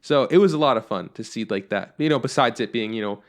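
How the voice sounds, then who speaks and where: A man's voice: mid-range voice, fast. A young man co-hosting a podcast, chatting casually in a rambling way with plenty of fillers. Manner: rambling, heavy on fillers like "like" and "you know". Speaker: podcast co-host. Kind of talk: casual chat.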